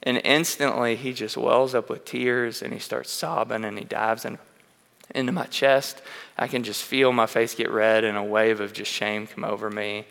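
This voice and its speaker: A man's voice: medium pitch, level tone, normal speed, creaky, a bit bright. A man preaching a sermon in a church, telling candid personal stories in an earnest way and often restarting his sentences. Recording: long reverb of a large hall.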